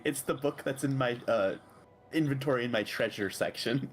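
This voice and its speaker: A man's voice: mid-range voice, moderate pace, faint music behind. A man playing in a tabletop game, speaking in a playful, joking way. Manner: playful, joking, laughs between lines. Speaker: player. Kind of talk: casual tabletop game play.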